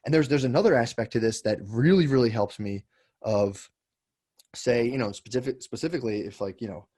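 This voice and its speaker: A man's voice: medium pitch, fairly quick, dark tone. A man, a comedian, talking as a podcast guest in casual chat, rambling with many restarts and swearing freely.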